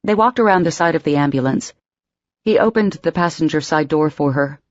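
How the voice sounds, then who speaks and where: A woman narrating an audiobook in a steady, expressive storytelling voice. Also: sits low, brisk, dry recording, highs cut off. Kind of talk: scripted narration.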